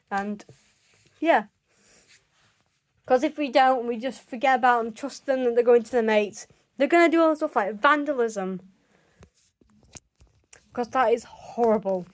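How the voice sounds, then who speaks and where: A woman speaks her opinion straight to camera, emphatic and insistent and often restarting her sentences. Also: a little high. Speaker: vlogger. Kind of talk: opinion monologue.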